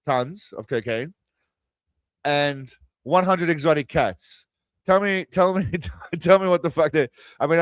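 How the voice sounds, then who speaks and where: A man's voice: on the high side, smooth, no echo. A man hosting a crude, mocking movie commentary, tossing out quiz-style asides. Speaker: host. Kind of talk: sarcastic movie riffing commentary.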